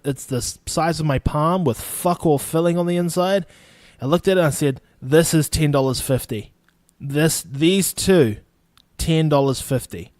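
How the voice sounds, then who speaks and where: A young man talks through a solo podcast episode in a loose, rambling way, cursing freely as he goes. His voice sits at an ordinary middle pitch. The sound is dry and close, with no room echo. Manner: rambling, laid-back and profane. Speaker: podcast host. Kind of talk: casual solo podcast monologue.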